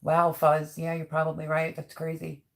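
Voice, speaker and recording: A woman's voice: deep voice, completely flat delivery, moderate pace, creaky. A middle-aged woman hosting a live stream, reading viewers' chat comments aloud and answering them in a heartfelt, openly emotional, chatty way. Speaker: livestream host.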